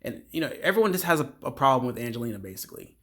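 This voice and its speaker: A man's voice: medium pitch, sing-song, racing, a bit bright. A man casually recapping a reality show episode in a rambling, filler-heavy way. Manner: rambling, filler-heavy retelling with "like" and "you know".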